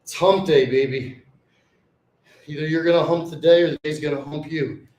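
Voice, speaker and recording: A man's voice: on the high side, steady tone, normal speed, a little mellow. Hyped, foul-mouthed man in an echoey gym. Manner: profane, hyped self-talk between sets. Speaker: fitness vlogger. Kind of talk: casual workout vlog talk.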